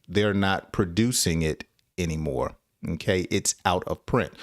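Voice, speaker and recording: A man with a fairly low voice teaching English phrases at an unhurried, deliberate pace. He laughs often and acts out short example dialogues, and the recording is dry and close. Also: dry recording. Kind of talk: English lesson live stream.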